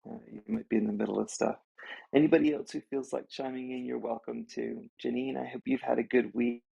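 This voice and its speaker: A man hosts a video call, friendly and quick to laugh as he greets everyone. His voice is heavily gravelly and husky, heard dry and close with no room sound. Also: mid-range voice, fairly even intonation, warm tone, no echo, lo-fi sound. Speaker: host. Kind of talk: casual chat.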